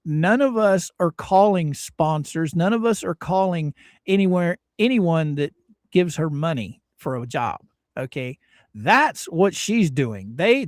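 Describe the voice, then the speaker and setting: A man's voice: on the high side, animated, unhurried, dry recording, clean studio sound. A man hosting a livestream, chatting casually in a rambling, joking way and laughing often. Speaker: livestream host. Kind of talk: casual commentary chat.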